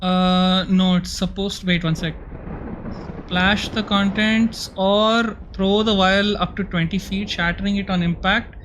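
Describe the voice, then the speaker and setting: A man with a high, bright, sharp voice plays in a tabletop game, reacting quickly and excitably. His casual chatter comes through over a faint noise floor. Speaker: player.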